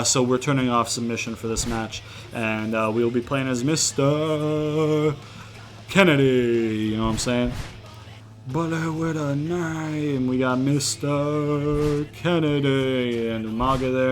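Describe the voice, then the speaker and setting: A young man from outside the US giving rambling, profane let's-play commentary, breaking into loud exasperated rants. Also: medium pitch, a little hiss or hum. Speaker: gaming YouTuber.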